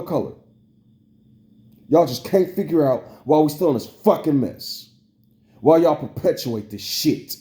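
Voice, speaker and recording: Young guy w/ aave ranting, swearing a lot, mellow dark voice. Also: a little high. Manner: profane, heated, repetitive. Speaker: vlogger. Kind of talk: angry rant to camera.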